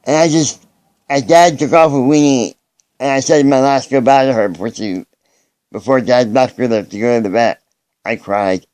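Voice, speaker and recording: An earnest man speaks in a personal video message, halting and often starting his thoughts over. His voice is smooth and clear at a middle pitch, and it sounds close and dry. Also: a little mellow, no echo. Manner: earnest, halting, with frequent restarts.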